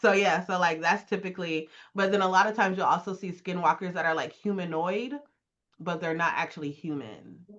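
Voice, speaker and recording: Speaking fairly quickly in a lowish register, this woman co-hosts a laid-back podcast chat. She brings her stories to life with acted-out voices and laughs, though the lo-fi recording is dull.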